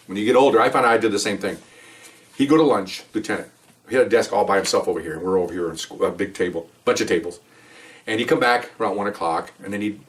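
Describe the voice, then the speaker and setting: Fast-talking older man spinning a yarn. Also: lowish voice, recorded from a distance. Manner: animated, checks in with "okay?", many restarts. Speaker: retired police officer telling stories. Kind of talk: casual anecdotal storytelling.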